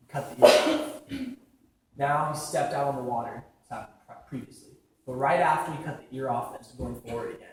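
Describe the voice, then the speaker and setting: A young man giving a casual sermon, talking conversationally with lots of "like" fillers and acting out quick quotes. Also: medium pitch, a little mellow, a little hiss or hum. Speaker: preacher. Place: large echoing church hall. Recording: very echoey hall from far off.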